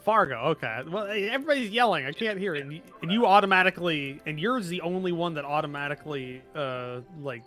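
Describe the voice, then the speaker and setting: A man's voice: fairly high pitch, animated, fast, hardly any pauses, sharp tone, soft background music. A man in casual, joking chat with fellow players during a game stream, talking on a voice call from home. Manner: chatty, joking, laughs easily.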